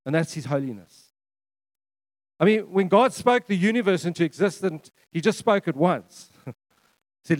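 Higher-voiced man preaching a sermon. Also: expressive, normal speed, long pauses, dry recording. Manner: repeats words for emphasis, frequent restarts. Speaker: pastor.

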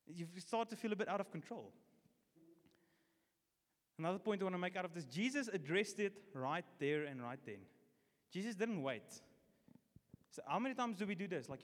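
A man preaching a sermon, casual and energetic, leading the congregation in call-and-response. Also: on the high side, brisk, long pauses. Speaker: pastor. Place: church hall. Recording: long reverb of a church hall.

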